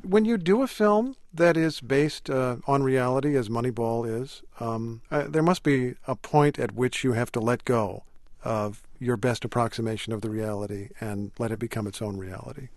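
Measured male interview host, dry sound. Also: mid-range voice, darkish tone, no echo. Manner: measured, articulate questioning. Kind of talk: radio interview.

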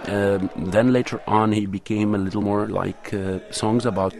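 A man's voice: fairly low pitch, level tone, normal speed, gravelly, a loud crowd, very noisy. A man being interviewed as a documentary producer, answering in an earnest, thoughtful way and often searching for his words. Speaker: documentary film producer and cinematographer.

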